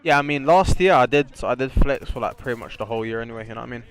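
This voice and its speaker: A young man, chatting casually and excitably as he hosts a live-stream watch party, full of slang and boasting. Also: mid-range voice, racing.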